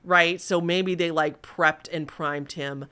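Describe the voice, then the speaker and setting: A woman's voice: fairly low pitch, fairly even intonation, takes it slowly, sharp tone. A young woman hosting a casual video, chatting animatedly to her viewers and mimicking voices in the lines she quotes. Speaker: YouTube host. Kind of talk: casual commentary on viral videos.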